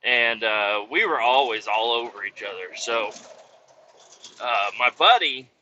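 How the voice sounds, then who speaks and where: A man telling a casual story on his podcast, animated and swearing, acting out the voices of the people in it. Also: medium pitch, measured pace, dull audio, a little hiss or hum. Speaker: podcast host.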